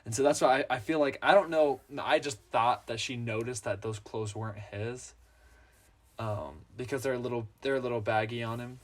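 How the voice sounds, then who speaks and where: A man's voice: medium pitch, fairly even intonation, normal speed. A man co-hosting a casual movie review chat, conversational and a little critical. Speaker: podcast co-host.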